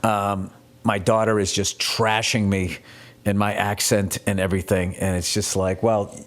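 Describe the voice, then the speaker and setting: A middle-aged man talks off the cuff like a working comedian, swearing freely and drifting from one story to the next. His delivery is casual and animated, with plenty of restarts and asides. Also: on the low side, normal speed. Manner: profane, rambling, animated storytelling. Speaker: comedian, podcast host. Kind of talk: casual rambling monologue.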